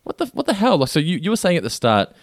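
A man co-hosting a podcast, chatting casually about a cartoon episode in an animated, exasperated, sweary way. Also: high voice, fast, no echo, studio quality. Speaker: podcast co-host.

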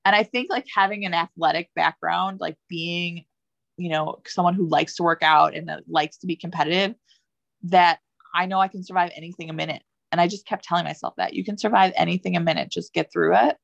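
Young woman with gravelly, low, chatty voice. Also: fairly quick, dry recording. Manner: chatty, many fillers, lively when quoting herself. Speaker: podcast guest. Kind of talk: casual personal storytelling. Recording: dull lo-fi, dry sound.

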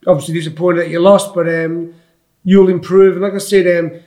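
A high-voiced Australian man in his sixties talks bluntly and loosely in a casual interview. He rambles from point to point and calls everyone "mate". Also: flat delivery, brisk, darkish tone. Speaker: former boxer, guest pundit.

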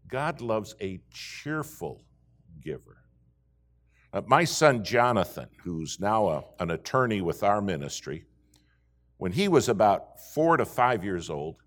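A middle-aged man preaching a sermon, folksy and full of homespun stories. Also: on the low side. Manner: folksy, animated storytelling preacher. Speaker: pastor.

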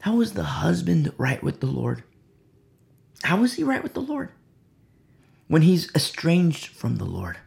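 A man preaching a Bible sermon, repeating key phrases, asking "You see?" and swinging between loud emphasis and quiet asides. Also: on the high side, big pitch swings, a little slow, gravelly, long pauses. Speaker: Bible teacher.

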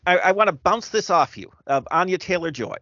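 A middle-aged man chatting casually, reflective and halting with many restarts. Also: sits high, expressive, sharp tone, no room sound. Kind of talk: casual chat. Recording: dry dull lo-fi sound.

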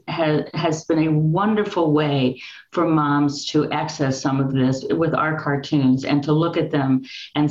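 A woman author talking about her cartoon book in an interview, telling stories and acting out quotes, often restarting her sentences. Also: low-pitched. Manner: animated storyteller who acts out quotes, with many restarts. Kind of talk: interview conversation. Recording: dull lo-fi sound with roomy echo.

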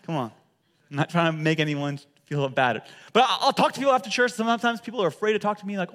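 High, bright-voiced energetic pastor preaching. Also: male voice, fast talker. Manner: energetic, humorous, calls for crowd response; stammers and repeats words. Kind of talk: sermon. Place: church in front of a congregation.

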